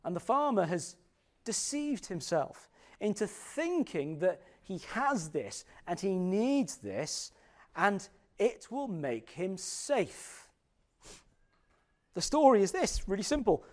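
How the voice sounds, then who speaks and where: A middle-aged man preaching with a fairly high voice. He talks expressively, then slows and softens to stress scripture. A sermon voice. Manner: expressive, drops to slow quiet emphasis on scripture.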